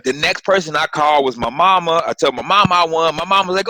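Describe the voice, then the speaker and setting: A man and guest comedian telling a story in casual, animated chat on a remote call, swearing and acting out voices. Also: a little high, quick pace, a crowd in the background, rough recording. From Florida. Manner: animated, profane, acts out voices.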